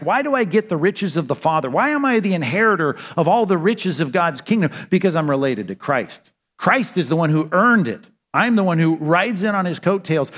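A man's voice: fairly high pitch, fairly bright tone, in a large hall. A man preaching an earnest sermon as a pastor, asking rhetorical questions and answering them emphatically.

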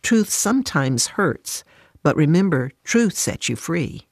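Brief: woman doing a gentle, quiet Jesus, slow and kind. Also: sits low, sing-song, husky, no room sound, clean studio sound, full character voice. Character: calm, patient Jesus, gentle man.

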